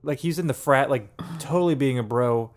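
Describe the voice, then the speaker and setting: A man chats casually about an album as a podcast co-host. He jokes and spins puns. His voice sits at an ordinary middle pitch. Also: fairly quick. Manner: playful, jokey, riffs on puns. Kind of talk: casual music review chat.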